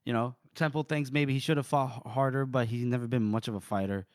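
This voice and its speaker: A man co-hosting a podcast, recapping a book chapter in an animated way and laughing often. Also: medium pitch, fast talker, clear, resonant tone, no echo, studio quality. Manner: animated retelling with frequent laughs. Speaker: podcast co-host.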